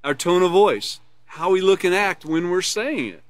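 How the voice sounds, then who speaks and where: This earnest character education instructor speaks in a high voice at normal speed, with a dry, close sound and no room sound. Teaching a live online class, he reads from a course manual and explains it, laughing and smiling as he does.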